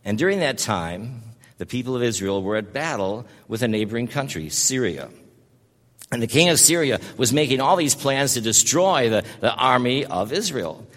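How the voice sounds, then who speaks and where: Man, pastor, folksy storytelling sermon, mid-pitched voice, long church reverb. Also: very animated, moderate pace, fairly bright tone. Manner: folksy storytelling, addresses congregation by name.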